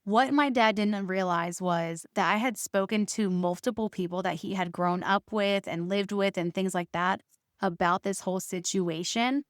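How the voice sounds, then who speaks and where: A woman's voice: mid-range voice, moderate pace, no echo. Woman telling a personal story, dry sound. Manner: recounts arguments, quoting both sides with emphatic stresses. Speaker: podcast host.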